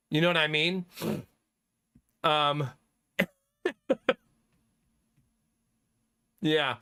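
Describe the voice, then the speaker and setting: A man streaming live, chatting casually with his viewers, animated and laughing often, with some swearing. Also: sits high, measured pace, long pauses, dry recording, clean studio sound.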